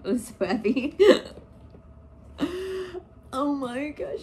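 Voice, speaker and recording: A woman unboxing on camera at home, her voice swinging widely in pitch while she speaks at an unhurried pace. She gushes with repeated exclamations, addressing her viewers as "guys". The recording carries noticeable background noise and the crinkle of packaging. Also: big pitch swings. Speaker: plant vlogger. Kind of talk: casual unboxing vlog. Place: living room at home. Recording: noisy, crinkling packaging behind.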